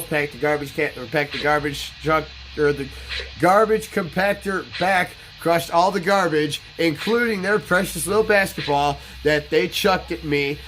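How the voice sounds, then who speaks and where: A man's voice: fairly high pitch, a bit bright. A man in his thirties hosting a gaming channel, telling stories in a blunt, boastful and profane way. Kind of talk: casual storytelling over gameplay.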